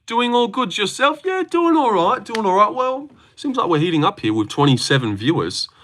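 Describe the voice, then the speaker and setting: Man, young adult, Australian accent, livestream host, casual rambling chat, slangy, bright tone. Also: high-pitched, sing-song, moderate pace. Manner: rambling, laid-back, slangy. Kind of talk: casual livestream chat reading viewer comments.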